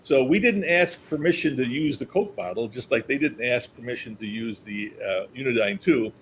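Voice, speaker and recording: An older man spins lively anecdotes from his career, acting out what others said and chuckling along. His pitch sits in the middle for a man. A faint hiss runs under the recording. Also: normal speed, low-quality recording. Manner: animated storyteller, acts out quotes, chuckles. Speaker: company historian, guest. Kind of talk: anecdotal storytelling.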